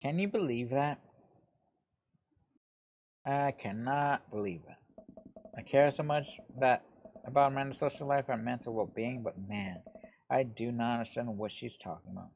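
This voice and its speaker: A man's voice: mid-range voice, normal speed, creaky, long pauses, a little mellow, slight background noise, natural voice. Teen girl, upset and gossipy, rambling rant, put on by a man, muffled lo-fi recording. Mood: venting. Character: upset teenage girl venting to her dad.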